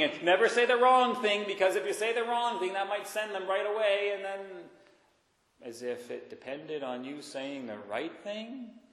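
A man preaching a sermon to his congregation in an earnest way, swelling for emphasis and then dropping to quiet asides. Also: high voice. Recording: echoey hall, roomy reverb.

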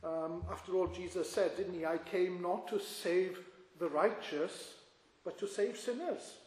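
A man preaching a sermon in an earnest, measured way, pausing with fillers. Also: sits high, darkish tone. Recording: echoey hall.

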